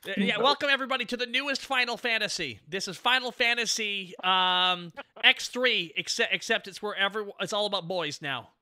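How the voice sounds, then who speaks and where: A man's voice: high-pitched, a little fast, hardly any pauses, pushed and bright. A man hosting a casual livestream, stammering and rambling in a playful way as he welcomes his guests. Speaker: stream host.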